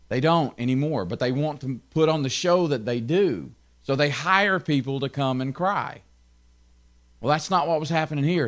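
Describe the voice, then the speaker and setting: A man with a Tennessee accent giving a conversational Bible study, often checking in with his listeners and adding quick asides. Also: fairly high pitch. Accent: Southern US, Tennessee. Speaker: pastor.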